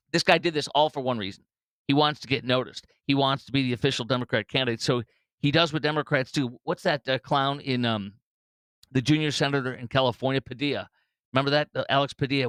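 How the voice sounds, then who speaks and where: A man's voice: mid-range voice, a bit bright, clean tone, no echo. A middle-aged man hosting a political commentary show, scornful and rambling with frequent fillers. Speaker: podcast host.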